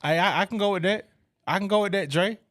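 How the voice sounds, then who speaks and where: An easygoing man co-hosting a live-stream podcast, reacting briefly and chatting loosely. His voice is a touch high for a man, close and dry. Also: fast, a bit bright, dry recording. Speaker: podcast co-host. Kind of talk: casual live-stream chat.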